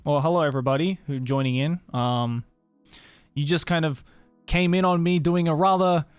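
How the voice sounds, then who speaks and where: A man's voice: a little high, steady tone, moderate pace, clear, resonant tone, no room sound, soft background music. A young man with an Australian accent blended with other influences, chatting casually with viewers on a live stream, swearing freely and laughing often. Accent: Australian with international mix.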